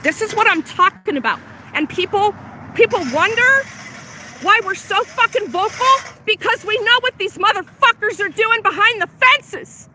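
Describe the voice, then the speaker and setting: A woman's voice: very high voice, lively intonation, normal speed, bright, forceful tone. A woman activist filming a homeless camp sweep on a city street, angrily heckling and swearing at the workers, recorded on a handheld phone. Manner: angry, profane, heckling. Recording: street traffic noise.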